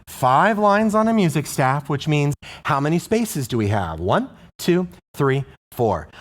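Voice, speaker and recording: A male elementary music teacher, whose voice is on the high side, walks fellow teachers through a singing game in an instructional video. He's very animated yet a little slow, putting questions to the viewer and chanting rhythm syllables.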